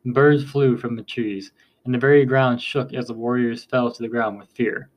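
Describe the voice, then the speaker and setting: A man reading a novel aloud as audiobook narrator, steady with occasional slips. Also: mid-range voice, moderate pace, rough recording. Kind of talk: scripted storybook narration.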